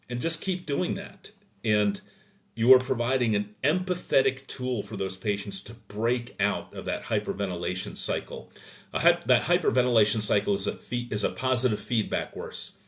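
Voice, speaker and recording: A man's voice: lowish voice, moderate pace, fairly bright tone. A man hosting a live stream, answering viewer questions in an opinionated teaching tone and often correcting himself mid-sentence. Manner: loose, self-correcting delivery with fillers. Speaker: host of an emergency medicine live stream.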